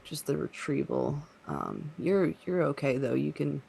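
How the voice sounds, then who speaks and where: A pompous king who brushes off worries and promises anything, played by a man at a tabletop game. His delivery is smooth and reassuring, with a gravelly voice. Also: fairly high pitch, huge pitch swings, unhurried, a little mellow, exaggerated voice. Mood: regal. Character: pompous regal king offering rewards.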